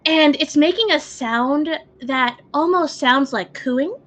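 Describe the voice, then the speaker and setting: A woman's voice: high voice, slow, a bit bright. A woman narrating a tabletop game as game master, describing scenes in a casual way. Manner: descriptive, laughs easily, casual.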